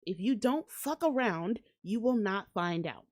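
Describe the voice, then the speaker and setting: A woman's voice: medium pitch, lively intonation, a little slow, a little mellow. A young woman hosting a casual commentary rant, blunt and profane, laughing often and mocking people in put-on voices. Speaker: commentary channel host.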